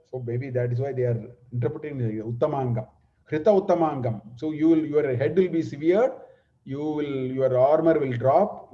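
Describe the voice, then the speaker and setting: A man teaching a scripture class, explaining Sanskrit verses word by word in an unhurried way. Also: a little high, warm tone. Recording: dull lo-fi recording.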